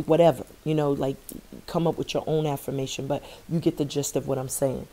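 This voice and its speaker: A woman's voice: extremely low pitch, steady tone, brisk, warm tone. A middle-aged woman giving a spiritual tarot reading, earnest and affirming, often repeating phrases for emphasis. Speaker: tarot reader.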